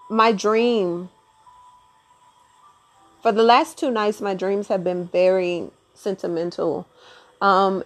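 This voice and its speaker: A woman's voice: lowish voice, fairly bright tone. A woman speaking in a casual solo monologue about astrology, earnest and emphatic, often stacking repeated phrases. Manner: earnest, repetitive, emphatic lists. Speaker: astrology talk host.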